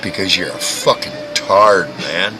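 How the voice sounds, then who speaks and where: A man's voice: sits low, measured pace, bright, forceful tone, poor audio. A man hosting a livestream, ranting and mocking in a crude, profane way, often stammering and restarting. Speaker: livestream host. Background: music playing.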